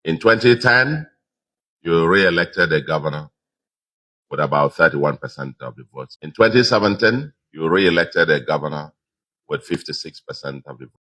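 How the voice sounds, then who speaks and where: A man's voice: extremely low pitch, expressive, moderate pace, sharp tone. A man with a Nigerian accent giving a victory speech as a re-elected governor, emphatic and repeating his key phrases.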